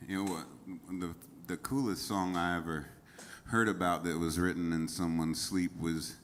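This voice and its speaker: The man has a low-pitched yet fairly bright voice, fairly even intonation, and a normal pace. Seated on a music venue stage for a livestreamed show, this singer-songwriter rambles through relaxed stories between songs, using lots of fillers, over faint guitar.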